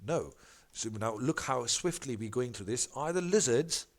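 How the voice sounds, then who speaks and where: A man tutoring through practice questions, his pitch rising and falling a lot as he stresses key words. He stops to correct himself and repeats the same punchy answers. His voice sits at an ordinary middle pitch. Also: normal speed. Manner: animated, emphatic, repeats catchphrases like "big fat no". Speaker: exam tutor.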